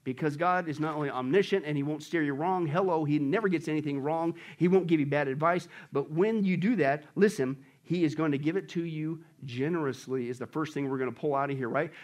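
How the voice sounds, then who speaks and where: A male pastor preaching a sermon, animated and constantly throwing rhetorical questions at the congregation in a church. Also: fairly high pitch, fairly quick, hardly any pauses.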